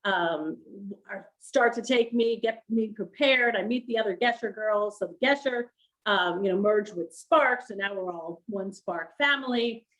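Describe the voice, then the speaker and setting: A middle-aged woman telling her story as an interview guest, animated and laughing often as she acts out quoted voices. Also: mid-range voice, measured pace, poor audio. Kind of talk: storytelling on a livestream.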